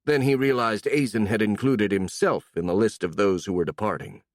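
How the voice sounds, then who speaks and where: A man narrating a fantasy audiobook in an expressive way, switching voices for the characters. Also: lowish voice, normal speed, hardly any pauses, no echo, clean studio sound.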